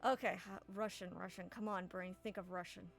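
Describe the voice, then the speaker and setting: A woman narrating a tabletop game as game master, casual and quick to laugh at herself. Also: lowish voice, steady tone, gravelly. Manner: laughing, self-deprecating, casual.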